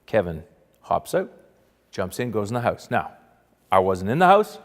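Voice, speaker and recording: A man telling a rambling, boastful comic anecdote in a deadpan mock-documentary style, now and then bursting into loud quoted shouts. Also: on the low side, moderate pace, long reverb tail. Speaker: comic storyteller.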